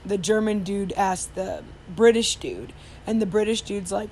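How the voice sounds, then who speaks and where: A woman's voice: mid-range voice, measured pace, darkish tone, a little hiss or hum. A woman hosting a podcast, telling a story in a casual, rambling way with lots of fillers and restarts. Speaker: podcast host.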